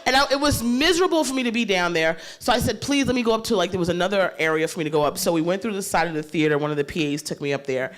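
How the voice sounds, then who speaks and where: A woman's voice: on the low side, expressive, very fast, hardly any pauses. A woman comedian on a panel, telling a story candidly and animatedly, swearing freely and laughing as she goes. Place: panel stage at a leadership summit.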